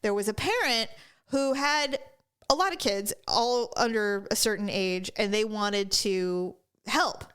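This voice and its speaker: A woman co-hosting a podcast, telling a long story in a casual, animated way with plenty of swearing. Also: medium pitch, measured pace, clean tone. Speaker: podcast co-host.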